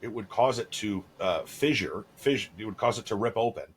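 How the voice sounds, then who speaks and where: Podcast co-host, man, 30s, low register, candid and crude, filler-heavy anecdotes. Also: fairly quick, a little hiss or hum. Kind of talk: casual chat.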